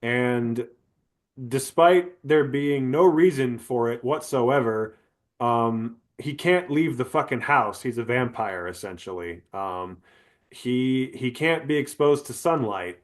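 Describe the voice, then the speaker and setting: A man's voice: mid-range voice, takes it slowly. A man co-hosting a podcast, giving a casual, comedic movie review and ranting with lots of swearing and emphasis. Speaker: podcast co-host.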